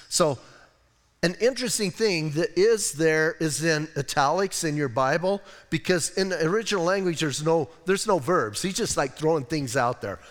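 A man preaches from the pulpit in a loose, conversational way, repeating "listen" and wandering into joking asides. His voice sits a bit high for a man. Everything carries a long reverb from the church hall. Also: normal speed, a bit bright. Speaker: pastor. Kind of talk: sermon. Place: church sanctuary.

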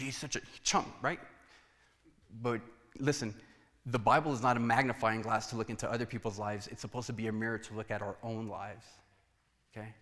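A male pastor preaching a sermon in a church, telling stories and acting out conversations. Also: mid-range voice. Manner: animated storytelling, acts out dialogue. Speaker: guest pastor. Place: church sanctuary. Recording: church hall reverb.

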